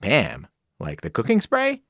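A man's voice: medium pitch, huge pitch swings, unhurried, fairly bright tone, dry recording, clean studio sound, heavily acted. A man reading as a wry teenage boy.

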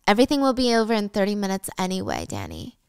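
A woman doing a calm, scheming young woman. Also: medium pitch, gravelly, smooth, no room sound, clean studio sound. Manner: calm, measured.

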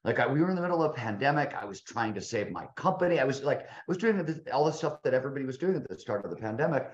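A man's voice: medium pitch, lively intonation, racing. A man in his fifties, a guest author telling a long story in a casual interview, rambling with frequent restarts and fillers. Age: 50s. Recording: roomy, dull lo-fi sound.

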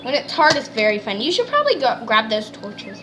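Chatty woman hosting a game stream, super animated, explains stuff as she goes. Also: fairly high pitch, a little fast, slight background noise. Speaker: let's play host. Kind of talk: casual gameplay chat.

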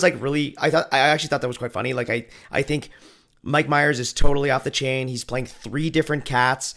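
A man's voice: mid-range voice, fairly quick, vocal fry, a bit bright. Easygoing male podcast co-host. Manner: easygoing, chuckling, hesitant restarts. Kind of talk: casual film-review chat.

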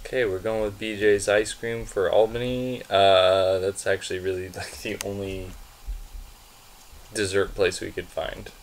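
A man's voice: fairly low pitch, flat delivery, measured pace, slight background noise. A young man hosting a casual date vlog, talking in a hesitant way and stumbling over repeated words. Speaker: vlogger host.

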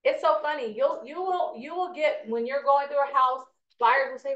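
Middle-aged woman trainer, animated storyteller, highish voice, echoey lo-fi room. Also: normal speed. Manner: animated storyteller, asks "right?" often. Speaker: real estate trainer. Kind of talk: live class teaching.

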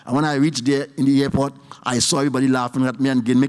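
A man with a Trinidadian accent giving an emphatic public speech as a university professor, slowing down to repeat his key points. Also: mid-range voice, flat delivery, a little mellow. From Trinidad and Tobago. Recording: speech hall with long reverb.

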